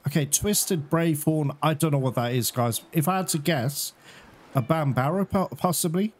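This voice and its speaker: A man giving casual let's-play commentary, excitable and addressing his viewers as "guys", out of breath at times. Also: on the high side, moderate pace. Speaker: gaming YouTuber.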